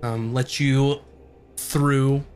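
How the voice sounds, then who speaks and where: A man's voice: mid-range voice, flat delivery, drawn-out words, a little mellow. Hesitant man narrating a tabletop game. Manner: hesitant, lots of ums. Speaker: game master.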